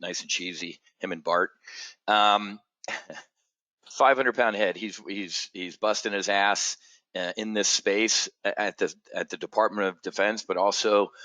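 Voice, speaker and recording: An animated middle-aged man holds forth in a casual monologue. His voice is forceful and bright, with a lowish pitch. The sound is dry and close. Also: no echo. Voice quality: animated, swears freely, acts out others' voices in high pitch. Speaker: trading community host.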